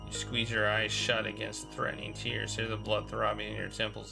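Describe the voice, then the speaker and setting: Gravelly man reading game text aloud. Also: on the low side, monotone, fairly quick, music in the background. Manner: dramatic, reads story text with voiced reactions. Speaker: let's play host.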